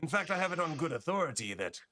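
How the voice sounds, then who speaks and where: A shifty merchant pitched well above his speaker's own voice, slick and bright-toned, as a game master puts him on. He pitches deals with a wavering, vaguely European accent that drifts, swooping up and down as he bargains. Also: big pitch swings, fast. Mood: sly. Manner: sly wheeling-dealing patter in a shaky put-on European accent. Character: scheming male fantasy gun merchant and matchmaker.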